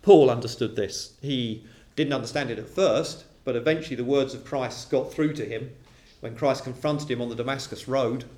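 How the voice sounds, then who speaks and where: A man preaching a sermon to a congregation, animated and acting out quoted voices. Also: medium pitch, moderate pace. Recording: roomy echo of a hall.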